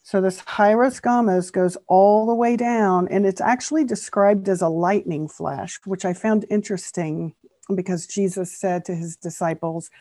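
A woman's voice: medium pitch, moderate pace, dry recording. A woman author on a podcast as a guest, earnestly explaining old teachings term by term. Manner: earnest, steady explainer who spells out terms.

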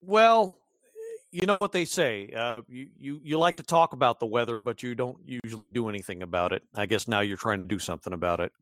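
A man's voice: medium pitch, lively intonation, brisk, a bit bright, no room sound. A man hosting a casual podcast, rambling with many restarts and chuckles. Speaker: podcast host.

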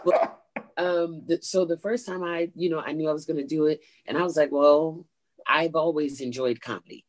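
A woman stand-up comedian tells a story in an interview. She is animated and jumps high in pitch when she acts out quotes. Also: brisk.

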